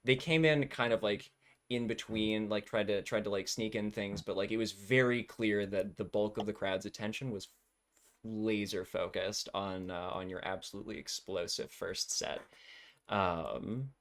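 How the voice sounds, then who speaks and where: Male game master, lowish voice, loose rambling narration full of fillers. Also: fairly even intonation, moderate pace. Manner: rambling, full of ums and likes.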